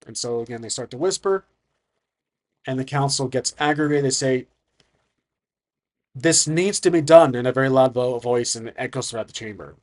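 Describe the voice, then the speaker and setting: A man's voice: mid-range voice, a little fast. A man narrating a solo tabletop game, thinking aloud and hesitant, with frequent restarts.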